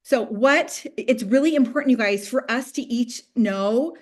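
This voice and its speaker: Energetic woman leading a sales team call. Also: a little high, unhurried. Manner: energetic, swings between hushed and loud, acts out quotes. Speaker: network marketing team leader.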